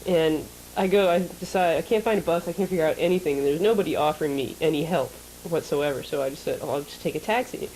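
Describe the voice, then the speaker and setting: A woman co-hosting a casual chat show, telling an animated story, laughing often and acting out the people in it. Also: deep voice, quick pace, few pauses, slight background noise, rough recording. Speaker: show co-host.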